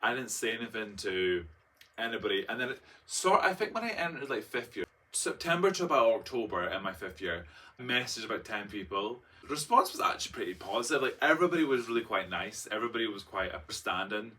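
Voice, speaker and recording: A man's voice: on the low side, very animated, fast, bright, forceful tone. A young man telling a personal story in a chatty, dramatic vlog style, full of fillers and acted-out quotes. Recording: voice a bit far from the mic.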